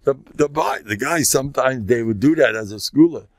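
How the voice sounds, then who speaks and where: An older man a gravelly voice, a rabbi giving an informal lecture, joking, boastful and self-mocking. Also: mid-range voice, animated, a little fast, no room sound, clean studio sound. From United States.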